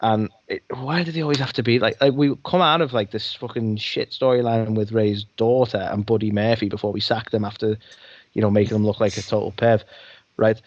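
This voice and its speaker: A man's voice: on the low side, fairly even intonation, fairly quick, highs cut off. A man co-hosting a casual podcast, ranting in an exasperated, sweary way. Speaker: podcast co-host.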